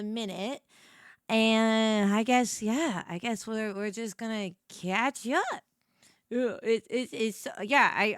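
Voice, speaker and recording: A woman streamer chatting casually with her viewers, giggly and emotional, stammering through halting restarts. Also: a little high, a bit bright, no room sound, clean studio sound. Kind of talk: casual live-stream chat.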